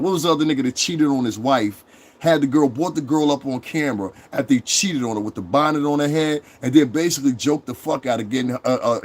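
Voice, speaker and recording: Brief: male streamer, heated profane rant to chat, mid-range voice, repeats himself for emphasis. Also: medium pitch. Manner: angry, profane, repetitive ranting. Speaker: online streamer.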